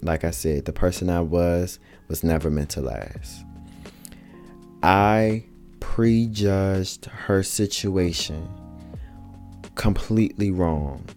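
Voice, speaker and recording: A man's voice: low-pitched, slow pace, a little mellow, faint music behind. A man talking earnestly in a reflective personal monologue, speaking colloquially to his listeners and repeating key points for emphasis.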